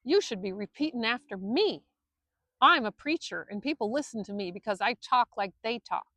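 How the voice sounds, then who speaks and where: Texan drawl, stubborn hot-tempered preacher man, loud and defiant, woman doing the voice in an audiobook, high, dry sound. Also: expressive, moderate pace, no room sound. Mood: angry. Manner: loud, defiant, folksy grammar.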